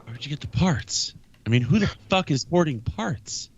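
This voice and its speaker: A man's voice: on the high side, lively intonation, normal speed, muffled recording. A man in casual podcast banter, making crude, teasing jokes.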